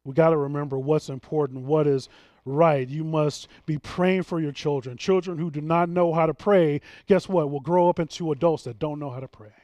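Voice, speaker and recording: A man delivers an earnest, emphatic sermon in a fairly high voice, often restarting his phrases as he presses a point. The sound is dry and close, with no room echo. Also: fairly even intonation, normal speed, mellow. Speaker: pastor.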